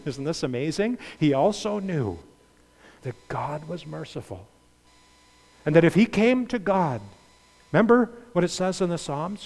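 Male preacher, fairly high voice, passionate sermon delivery with pleading prayers, long hall reverb. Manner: impassioned, rising to loud pleading prayers then dropping low; asks the congregation questions.

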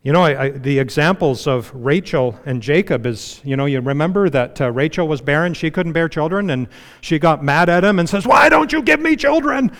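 A man preaching a sermon in a relaxed, conversational way, full of "you know"s and dropping to a hushed voice to stress a point. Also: on the high side, normal speed, in a large hall. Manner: conversational preaching with frequent you-knows, dropping to a hush for emphasis. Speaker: pastor.

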